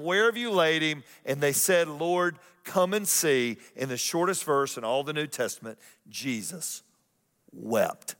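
A man preaching a sermon as pastor, swinging between loud, slow emphasis and hushed, intimate lines, repeating key phrases. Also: fairly high pitch, animated. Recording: long hall reverb.

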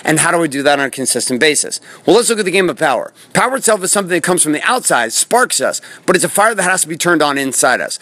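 Fast, bright-voiced motivational man. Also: a little high, very animated, no room sound. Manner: punchy, preachy, swears for emphasis. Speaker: motivational podcast host. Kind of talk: motivational monologue. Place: outdoors in a forest. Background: birds and bees.

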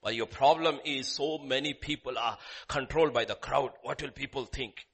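A man preaching a sermon, emphatic and repetitive, swinging from loud calls to hushed lines. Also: mid-range voice, moderate pace, hardly any pauses, slightly rough.

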